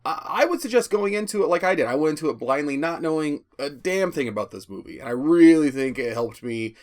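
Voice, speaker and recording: A man's voice: a little high, animated, fairly quick. A man giving a rambling, profane spoken movie review, often stammering and restarting. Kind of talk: casual spoken film review.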